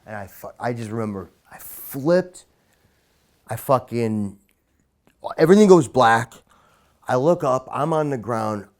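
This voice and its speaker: A middle-aged man recounting a childhood memory in an interview, swearing constantly, his voice surging loud and then dropping low. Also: lively intonation, measured pace, pauses often. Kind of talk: emotional storytelling.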